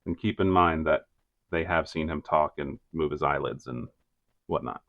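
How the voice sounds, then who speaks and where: Man, very deep voice, gravelly, deadpan true-crime narration, dry dull recording. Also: normal speed, no echo. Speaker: podcast co-host narrating the case.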